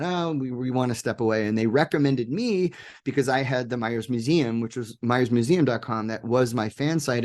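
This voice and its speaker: A man telling enthusiastic anecdotes as a guest in a casual interview, full of fillers and restarts. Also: mid-range voice. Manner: excited, animated anecdotes with frequent fillers. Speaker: guest, game producer.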